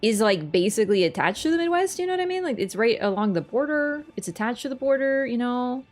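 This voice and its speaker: A woman's voice: fairly high pitch, lively intonation, fast, faint music behind. A young woman from Canada chatting casually with her livestream viewers, rambling with lots of fillers. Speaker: streamer.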